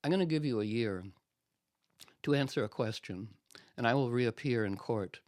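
A man's voice: medium pitch, moderate pace, darkish tone, no echo, lightly acted. Brief: man reading a vengeful enemy setting terms, matter-of-fact, dry sound. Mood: bargaining.

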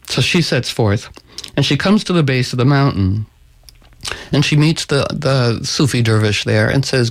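A man's voice: fairly low pitch, normal speed. A man retells a folktale in a casual, playful way. He drifts into asides and fillers as he goes, keeping an easy, conversational storyteller's voice.

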